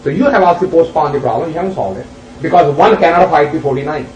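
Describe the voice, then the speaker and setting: An unhurried male spiritual teacher tells a parable and keeps asking his listeners questions. His voice sits a little high for a man. It sounds roomy and far from the mic, with a dull, lo-fi tone. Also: a little mellow, slight background noise. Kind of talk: spiritual discourse with storytelling. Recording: roomy, distant, dull lo-fi recording.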